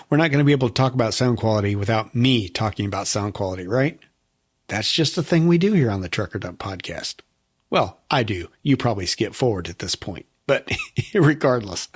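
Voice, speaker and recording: A man hosting a podcast alone, chatting casually and reading listener messages, often laughing at his own slip-ups. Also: medium pitch. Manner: self-mocking, laughs often. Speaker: podcast host.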